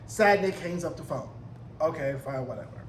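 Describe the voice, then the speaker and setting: A man giving an animated, profane, sassy recap of a TV episode in casual commentary. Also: a little high, moderate pace. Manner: animated, profane, sassy, acts out character quotes. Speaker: TV recap reviewer. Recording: echoey room, faint noise.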